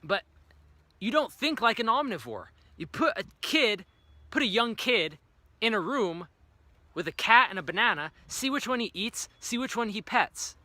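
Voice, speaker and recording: A young man ranting to camera about his diet, profane and animated, acting out imagined voices along the way. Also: sits high, normal speed, dry recording. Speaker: vlogger. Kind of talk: profane opinion rant to camera.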